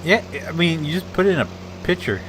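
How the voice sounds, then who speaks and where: A man's voice: fairly high pitch, animated, fast, background noise. A man chatting casually during a gaming session, rambling and correcting himself as he talks. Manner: rambling, hesitant. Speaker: gamer.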